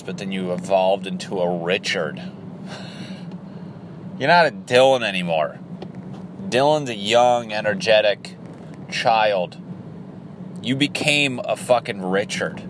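A comedian rambling through crude, profane jokes while driving, laughing at his own bits. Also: on the low side. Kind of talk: rambling comedy workshop monologue. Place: car, driving. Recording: car road noise behind.

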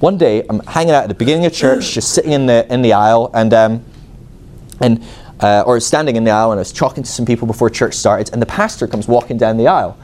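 Male preacher, storytelling sermon, quick and animated, mellow tone, self-mocking. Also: mid-range voice. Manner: animated, self-mocking, acts out his own angry inner voice; many fillers like "like" and "right?". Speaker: ministry school teacher.

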